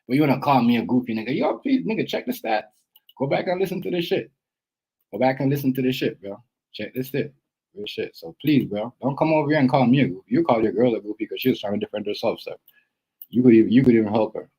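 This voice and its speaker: Husky-voiced man livestreaming to chat. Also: mid-range voice, fast talker, poor audio. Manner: animated, repetitive, streetwise slang, addresses chat directly. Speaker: livestream host. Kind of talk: casual livestream talk to chat.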